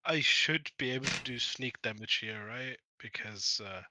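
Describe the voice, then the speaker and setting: A man playing a tabletop game, calling his rolls slowly with many ums. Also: medium pitch, background noise. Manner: slow, drawn out with ums. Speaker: player. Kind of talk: casual play at a tabletop game.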